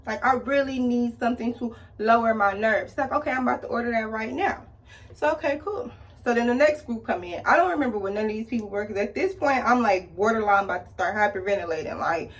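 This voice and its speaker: Chatty woman vlogger telling a story over her makeup, animated, acting out every voice in it, higher-pitched and a little off-mic. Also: distant mic. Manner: animated, acts out quoted people with big pitch jumps. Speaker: beauty vlogger. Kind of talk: casual storytelling while doing makeup.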